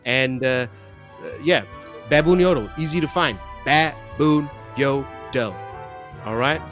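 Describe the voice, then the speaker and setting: A man's voice: mid-range voice, expressive, normal speed, a bit bright, soft background music. A man hosting a casual podcast chat, rambling with laughs and stammered restarts. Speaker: podcast host.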